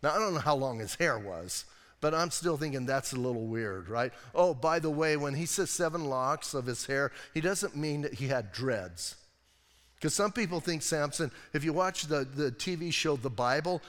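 A male pastor preaches in a relaxed, animated style and turns to his listeners with quick asides. His voice sits a little higher than most men's, and a long reverb from the church hall trails each phrase. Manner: animated, conversational, asides to the audience. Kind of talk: expository sermon. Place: church sanctuary.

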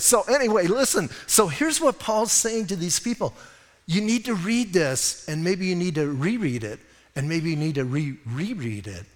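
A male pastor with a fairly high voice preaches in a casual, emphatic manner, often urging his listeners to listen. His sermon rings out with a long reverb in a church sanctuary. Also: lively intonation, normal speed. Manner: emphatic and conversational, repeats "listen", acts out little scenes.

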